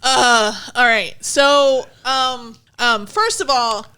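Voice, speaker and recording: Bright, high-voiced woman ranting. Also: slow pace, smooth. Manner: blunt, exasperated ranting. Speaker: podcast co-host. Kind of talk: casual wrestling chat.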